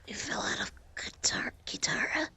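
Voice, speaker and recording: A man voicing a confused young woman held captive, speaking in a halting, breathy whisper. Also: pushed and bright. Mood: bewildered.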